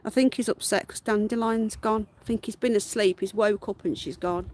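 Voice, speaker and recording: A woman's voice: medium pitch, steady tone, moderate pace, few pauses, darkish tone. A woman, chatting casually on a live stream from her garden and cooing to her pet rabbits in baby talk. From England. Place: outdoor garden.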